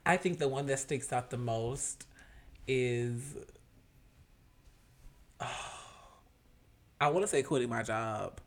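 A man's voice: medium pitch, slow pace, pauses often. A young man co-hosting a podcast, speaking frankly and reflectively in a casual chat, often restarting his sentences. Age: young adult. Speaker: podcast co-host.

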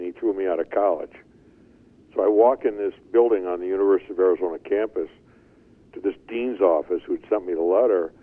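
An older man telling his life story as an interview guest, animated and chuckling as he goes. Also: low-pitched. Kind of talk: storytelling testimony. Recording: tinny phone-like line.

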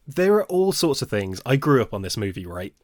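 A man co-hosting a casual film podcast, chatty and quick to laugh with jokey asides. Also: medium pitch, very animated, a little mellow, dry recording, clean studio sound. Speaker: podcast co-host.

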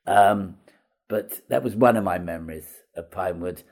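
An older man, an actor, telling anecdotes in an interview, chatty and animated, acting out the voices of the people in his stories. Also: low-pitched, normal speed. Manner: chatty raconteur, acts out quoted voices, laughs at own stories. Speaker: comedy actor guest.

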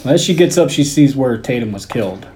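A man co-hosting a podcast, walking through a film's plot step by step with casual pauses. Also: medium pitch, expressive, a little mellow. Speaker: podcast co-host. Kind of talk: casual chat, recapping a film. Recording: echoey room, faint background noise.

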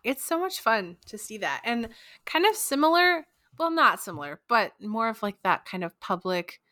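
An enthusiastic woman co-hosts a casual podcast chat, laughing easily. Her bright voice swings widely in pitch, and it is recorded close and dry. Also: sing-song, normal speed, no echo. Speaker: podcast co-host.

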